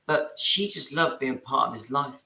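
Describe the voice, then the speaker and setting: Male reaction host, bright and echoey, chatty and keen. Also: medium pitch, expressive, normal speed, creaky. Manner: chatty, enthusiastic, addresses viewers as guys. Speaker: channel host reacting to a video. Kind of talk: casual reaction commentary.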